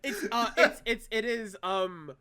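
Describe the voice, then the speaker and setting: A man co-hosting a cartoon podcast, retelling scenes with animated energy. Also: high-pitched, unhurried, a crowd in the background. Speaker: podcast co-host. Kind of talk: casual chat.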